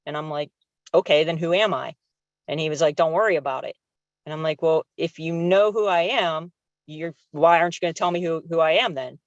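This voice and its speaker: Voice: mid-range voice, a little fast, no room sound. Public commenter in their 40s, retired officer, chatty retelling over a dull, dry video-call line. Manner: conversational, acts out quoted dialogue, many fillers. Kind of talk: recounting an incident at a public meeting.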